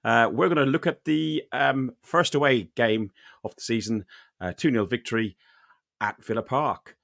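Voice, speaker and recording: A man's voice: medium pitch, normal speed, gravelly, fairly bright tone, dry recording, studio quality. A man hosting a casual podcast, rambling and chatty, with lots of fillers and restarts. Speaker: podcast host. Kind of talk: casual chat.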